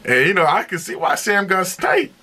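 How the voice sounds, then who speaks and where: Bright-voiced excitable male reviewer. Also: high voice, moderate pace. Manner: excitable, slangy, chatty. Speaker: music reaction host. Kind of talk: casual music reaction review.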